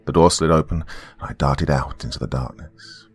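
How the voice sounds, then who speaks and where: A man hosting a horror podcast, narrating a first-person horror story in a slow, brooding way. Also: extremely low pitch, slightly rough, soft background music.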